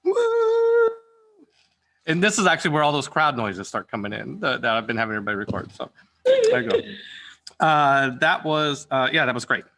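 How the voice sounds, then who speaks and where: A man's voice: mid-range voice, huge pitch swings, brisk, sharp tone. A man directing a voice-acting session in a casual, encouraging way, restarting his sentences often.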